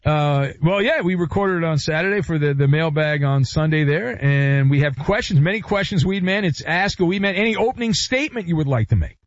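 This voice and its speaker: Lively, teasing male radio host. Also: a little high, no room sound. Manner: joking and teasing, quick to laugh. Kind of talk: casual radio chat, reading listener questions. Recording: dull lo-fi radio audio, faint music.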